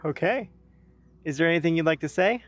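A woman hosting a ghost hunt outdoors, asking spirits calm, firm, repeated questions. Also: deep voice, a little fast, lo-fi sound, a little hiss or hum. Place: outdoors in a park at night.

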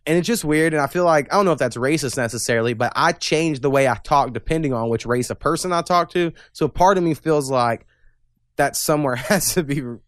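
A man's voice: fairly high pitch, fairly quick, no room sound. Man hosting a podcast, loose and profane, laughs a lot, dry close sound. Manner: profane, rambling, laughs often. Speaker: podcast host. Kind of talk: casual chat.

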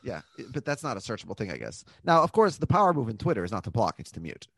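एक आदमी जो पॉडकास्ट पर को-होस्ट के रूप में जल्दी-जल्दी, जोशीले अंदाज़ में बात करता है, किस्से सुनाते हुए दूसरों की बातें नकल करके बोलता है।. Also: male voice, lowish voice, creaky, no echo. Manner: animated, quick storytelling with acted quotes. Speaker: podcast co-host. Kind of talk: casual chat.

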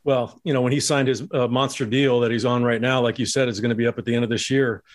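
A man who is a former baseball player, co-hosting a casual sports podcast in a relaxed, easygoing way. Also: mid-range voice, quick pace.

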